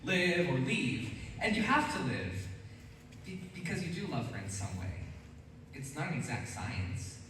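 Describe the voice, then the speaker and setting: A wistful, chatty musical fan, played by a teenage boy on stage, confides rueful asides with a lively, swooping delivery. He is caught from the back of a booming school auditorium. Audience murmur sits underneath. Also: moderate pace. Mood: confiding. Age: teens. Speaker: stage actor. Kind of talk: live stage musical acting. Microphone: distant stage recording. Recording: echoey hall from far off, audience noise.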